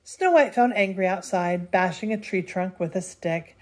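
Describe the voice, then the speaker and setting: An older woman reading a children's story aloud as narrator, lively and expressive. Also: on the low side, a little slow, hardly any pauses. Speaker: storybook reader.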